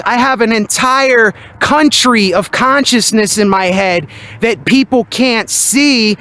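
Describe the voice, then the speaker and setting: A man vlogging outdoors at night into a handheld microphone, talking loudly and emphatically in a motivational monologue. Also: high voice. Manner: loud and emphatic. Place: outdoors at night near his building.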